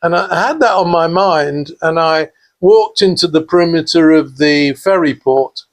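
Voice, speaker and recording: With a fairly high voice at normal speed, an older man from England guests on a podcast. He casually shares meandering stories, laughing and using many fillers along the way.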